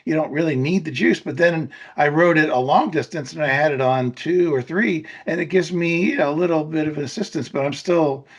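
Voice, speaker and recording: A middle-aged man co-hosting a podcast, chatting in an upbeat way with quick asides. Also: a little high, slightly rough, muffled recording. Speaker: podcast co-host. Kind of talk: casual chat.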